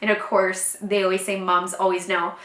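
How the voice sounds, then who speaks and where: A young woman vlogger telling a personal story casually to her viewers, chatty and animated, acting out what people said. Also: mid-range voice, normal speed, roomy sound. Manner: chatty, animated, many fillers and acted-out quotes.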